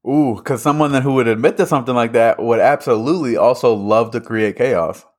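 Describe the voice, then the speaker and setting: A man co-hosting a podcast, laid-back and joking in casual chat. He swears easily and tells anecdotes from his school days. His voice sits at a middle pitch. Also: a little fast. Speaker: podcast co-host.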